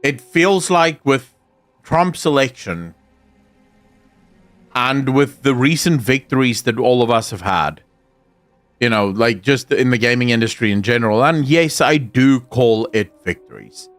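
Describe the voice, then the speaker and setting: A man's voice: mid-range voice, measured pace, a bit bright, no room sound. A man streaming live, reading viewer comments aloud and answering them in casual chat.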